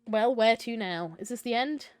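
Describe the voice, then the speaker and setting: A woman's voice: a little high, moderate pace, clean tone, dry recording. A young adult woman live-streaming a choice game, reading it aloud and chatting playfully with viewers, laughing and swearing casually.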